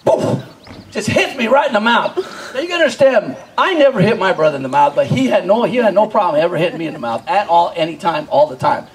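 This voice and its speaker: A man doing live stand-up storytelling, animated, laughing often and acting out scenes while quizzing the crowd. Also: sits high, quick pace, poor audio. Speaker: stand-up comedian.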